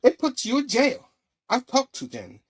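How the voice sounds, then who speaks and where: A man's voice: very high-pitched, wildly swooping pitch, moderate pace, pitched above the performer's own voice, heavily acted. A man reading out Spider-Man's lines as an indignant young superhero, loosely voiced in a comic review.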